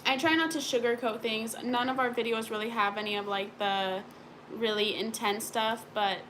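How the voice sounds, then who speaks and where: A woman vlogger in a casual question-and-answer chat, her voice pitched a little high and sleepy. She rambles, pauses, and searches for words, with a light hiss of noise underneath. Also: steady tone, fairly bright tone, rough recording.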